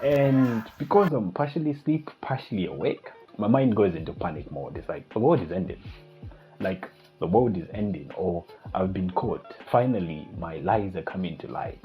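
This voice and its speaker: Low-voiced young man telling an excitable story. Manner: animated, excitable retelling with acted-out panic. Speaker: vlogger. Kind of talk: casual storytelling vlog. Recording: slightly dull lo-fi recording with faint music.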